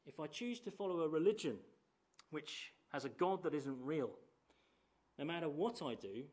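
A man's voice: fairly high pitch, animated, normal speed, darkish tone, husky. A man in his thirties preaching a sermon in a conversational way, often asking rhetorical tag questions.

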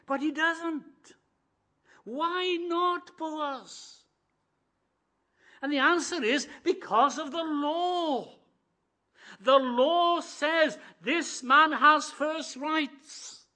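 A man preaching a sermon, telling stories and acting out the quoted voices, moving from hushed asides to emphatic declarations. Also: very high-pitched, animated, extremely slow.

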